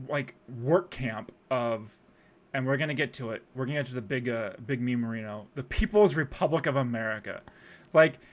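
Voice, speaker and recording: A young man streaming, rambling through casual profane commentary on a music video with lots of fillers. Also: mid-range voice.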